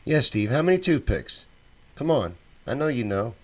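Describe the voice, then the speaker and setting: A man's voice: mid-range voice, sing-song, moderate pace. A man hosting a casual live stream, reading viewer comments aloud and answering each one with his own opinions. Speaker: show host reading live chat.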